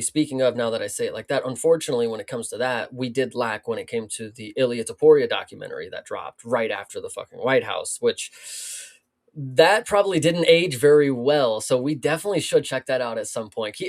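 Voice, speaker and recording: A man's voice: mid-range voice, animated, fairly quick. A man co-hosting a casual sports talk show, rambling with lots of fillers and restarts. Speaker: podcast co-host. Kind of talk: casual chat.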